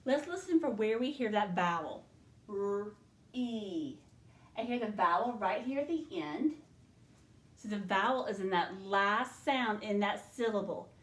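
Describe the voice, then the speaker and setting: A woman's voice: mid-range voice, animated. Lady teacher sounding out words for little kids, kinda echoey room. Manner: slow, clear teacher talk, sounding out syllables. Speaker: second grade teacher. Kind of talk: remote phonics lesson.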